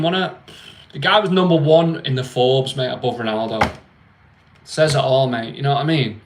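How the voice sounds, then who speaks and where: Young guy, casual livestream host, slangy and mocking, voice sits a bit high. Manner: slangy, mocking, laughs often.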